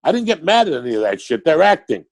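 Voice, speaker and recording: An older man from Cuba, raised in New York City, with a New York accent, telling stories in a profane, excitable podcast chat as a guest comedian. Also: fairly high pitch, fast talker.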